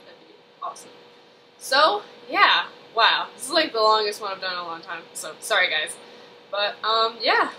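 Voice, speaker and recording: A woman's voice: mid-range voice, very animated, moderate pace, pushed and bright, a little hiss or hum, low-quality recording. A young woman casually recapping a TV episode at home, gushing and rambling with lots of "like" and "um".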